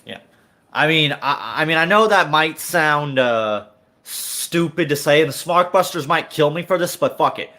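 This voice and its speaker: A man hosting a livestream who rants in casual chat. He swears constantly and rambles through filler words, and his voice sits a little high. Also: animated, moderate pace, bright, forceful tone. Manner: profane, rambling rant with many fillers. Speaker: livestream host.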